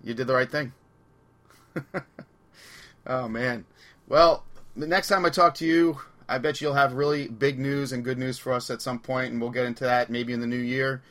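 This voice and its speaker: A man's voice: mid-range voice, fairly even intonation, normal speed, long pauses, a bit bright. A man hosting a podcast, telling rambling stories in casual chat and laughing as he goes. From Long Island, New York. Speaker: podcast host.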